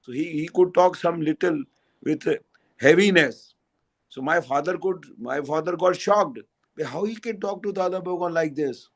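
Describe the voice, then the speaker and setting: An older man with a Gujarati accent giving a spiritual satsang talk, telling anecdotes in a halting way with fillers and restarts. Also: fairly high pitch, poor audio. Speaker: spiritual speaker.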